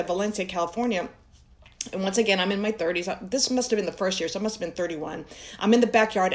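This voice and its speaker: A woman's voice: medium pitch, darkish tone. A woman in her fifties teaching a mindfulness lesson, telling a personal story in an earnest, heartfelt way.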